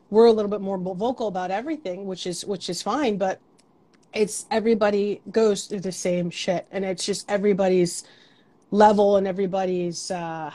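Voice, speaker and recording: A woman hosts a podcast in a loose, frank conversation. She swears freely, restarts her sentences and acts out her own inner doubts. Her voice sits at a middling pitch. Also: mellow. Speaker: podcast host.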